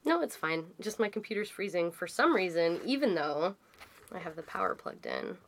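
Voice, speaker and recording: A woman's voice: fairly low pitch, big pitch swings, normal speed. A young adult woman co-hosting a podcast, telling stories in casual chat and swearing freely. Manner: chatty storyteller, swears freely. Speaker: podcast co-host.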